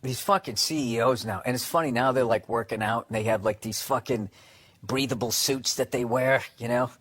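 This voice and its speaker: A man's voice: mid-range voice, normal speed, fairly bright tone, husky. A man talking in casual chat, rambling into sarcastic, profane rants.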